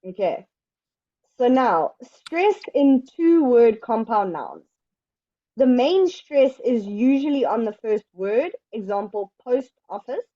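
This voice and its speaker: Woman English tutor, slow and patient, mellow tone, dry muffled sound. Brief online lesson read. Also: a little high, animated, no echo. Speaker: English teacher.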